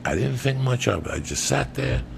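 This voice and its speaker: A man with a low, gravelly voice hosts a podcast and spins a long personal story. He swears constantly and jumps between loud bursts and quiet, hushed asides. A faint noise sits under the studio mic. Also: normal speed. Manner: profane, animated storyteller who drops to hushed tones for quotes. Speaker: podcast host.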